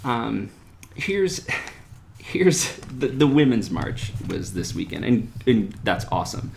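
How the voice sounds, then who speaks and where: A man hosting an opinion podcast, talking in an animated, sarcastic way with sharp jumps in pitch on his rhetorical questions. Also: takes it slowly, vocal fry, slight background noise. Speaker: podcast host. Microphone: desktop USB microphone.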